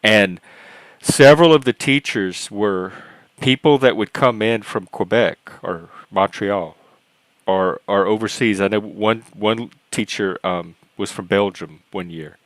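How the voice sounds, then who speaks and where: Low-voiced Cajun man rambling. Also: no echo, poor audio. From South Louisiana. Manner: rambling, halting, storytelling. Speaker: host of a panel discussion. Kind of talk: casual chat.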